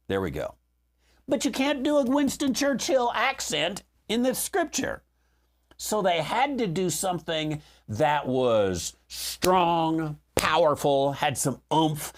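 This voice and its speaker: A man hosting a theology question show, working through scripture and thinking aloud as he explains. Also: mid-range voice. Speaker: host answering theology questions. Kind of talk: unscripted Bible teaching.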